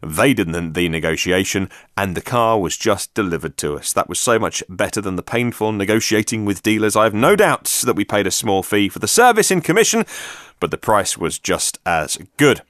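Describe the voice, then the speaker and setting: A man's voice: lowish voice, animated, normal speed, a bit bright, dry recording, studio quality. A man hosting a solo podcast, reading out listener messages with chatty, self-mocking asides. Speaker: podcast host.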